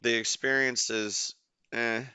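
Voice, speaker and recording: A young man casually commentating his game as a streamer, rambling, excitable and swearing freely. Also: mid-range voice, slow, clean tone, dry recording.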